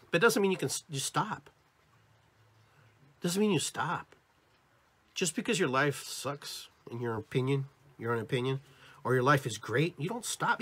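A husky-voiced man hosting a spiritual podcast, talking straight to his listeners. His pitch swings up and down as he hammers home each point through repetition. He sounds like a motivational talk. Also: fairly bright tone. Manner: emphatic and repetitive, addresses listeners directly; acts out different tones of voice as examples. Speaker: podcast host.

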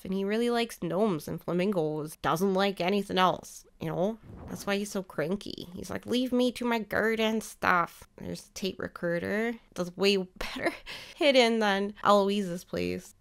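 A woman giving casual gameplay commentary, chatting and thinking out loud as she decorates, with playful asides. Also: medium pitch, vocal fry, clean tone. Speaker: gaming video creator.

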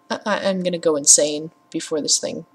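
Brief: young woman gamer, husky and tired, low-pitched, slow unhurried rambling with frequent swearing. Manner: chatty, swears a lot, reads achievements aloud. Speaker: gaming vlogger. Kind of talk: casual rambling gaming vlog.

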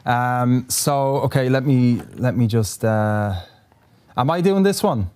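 A man's voice: mid-range voice, slow, mellow, smooth. A man hosting a casual live stream, chatting with guests and addressing the chat in a self-deprecating way. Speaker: host.

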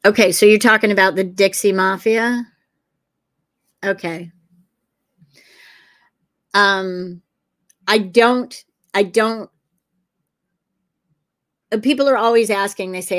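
A woman's voice: mid-range voice, slow, pauses often, a bit bright. Her voice sits in a middle register. She is a woman guest on a video call who tells her case stories loosely. She drifts between asides and fillers, then picks the thread back up. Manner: rambling, circling back with fillers. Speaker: psychic detective and author. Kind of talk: casual interview storytelling.

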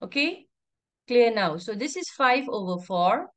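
A woman's voice: on the high side, sing-song, unhurried. A woman teacher, teaching an online class over a video call, firmly repeating instructions and calling on pupils by name. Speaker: primary school teacher.

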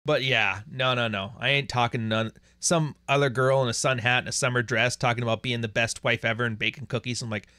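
A man with a medium-pitched voice, pushed and bright, hosts a livestream where he rants bluntly and crudely, full of profanity, and reads out viewer chats. The recording is dry and studio quality.

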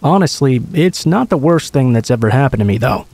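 A man narrating a true horror story in a calm, conversational storytelling manner. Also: mid-range voice, brisk. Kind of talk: scripted narration.

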